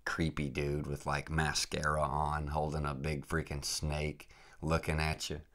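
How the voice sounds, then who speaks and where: A podcast host telling a travel story in a laid-back, rambling way, saying "dude" and "freaking" a lot. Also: male voice, a bass voice, monotone, unhurried, a bit bright.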